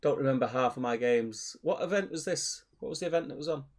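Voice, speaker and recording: A man hosts a casual hobby stream, reading viewers' messages aloud. His voice sits at a middle pitch, and his delivery is relaxed and chatty, full of jokes. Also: fast talker. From England. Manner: banter, reads out chat messages. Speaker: stream host reading chat. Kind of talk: casual chat.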